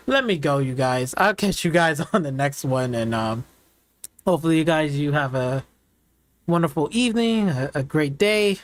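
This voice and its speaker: A man's voice: a little high, animated, moderate pace. A man hosting a gaming channel who gives a profane, mocking and repetitive rant in reaction to game footage. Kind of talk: ranting game reaction commentary.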